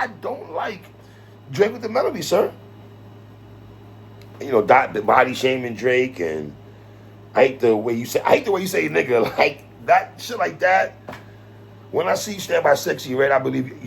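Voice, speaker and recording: Animated man hosting hip-hop commentary. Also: mid-range voice, creaky, slight background noise. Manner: animated, laughs, quotes lyrics, slangy. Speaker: host.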